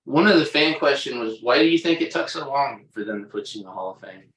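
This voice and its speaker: A man's voice: medium pitch, expressive, fast, a bit bright. Easygoing male host in a roomy space. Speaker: interview host. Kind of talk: casual interview.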